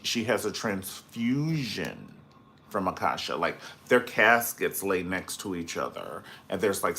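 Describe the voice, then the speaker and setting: Sassy, lively man gossiping on a live stream. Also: on the low side, a little hiss or hum. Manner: sassy, dramatic and gossipy, full of slang asides; chats with viewers in the live comments. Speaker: live-stream reality TV reviewer. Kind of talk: casual live-stream commentary.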